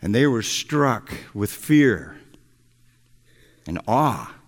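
A male preacher telling a story in a sermon, unhurried, with a voice that rises and falls freely. The sound rings with the long reverb of a large hall. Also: on the low side, very animated. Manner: slow, storytelling delivery. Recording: echoey hall.

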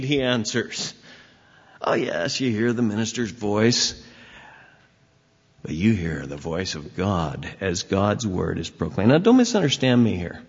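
Slow, husky-voiced preacher in an echoing hall. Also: male voice, sing-song. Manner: emphatic preaching with big swings in pitch and volume. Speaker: pastor. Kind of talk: sermon. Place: church sanctuary. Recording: dull recording with long hall reverb.

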